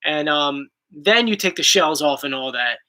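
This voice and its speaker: Young guy rambling thru viewer questions, super lively voice, bright tone. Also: fairly high pitch, moderate pace, low-quality recording. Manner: rambling, playful, reads comments aloud. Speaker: YouTube host. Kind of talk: casual chat reading viewer questions.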